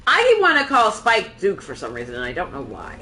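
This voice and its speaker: A woman's voice: fairly low pitch, huge pitch swings, fast talker, bright, forceful tone, slight background noise, poor audio. A woman streamer talking in a rambling, chatty way while she plays, swearing casually now and then. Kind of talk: casual gameplay chat.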